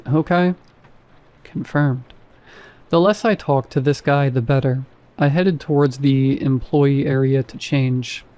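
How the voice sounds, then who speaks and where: Dark-voiced man narrating horror. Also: medium pitch, steady tone, slow pace. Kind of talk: scripted first-person horror narration.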